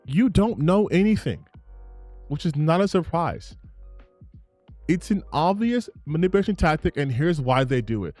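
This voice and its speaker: A man's voice: a little high, very animated, normal speed, a little mellow, no room sound, faint music behind. A man giving heated, profane reaction commentary on gaming news, ranting and repeating himself for emphasis.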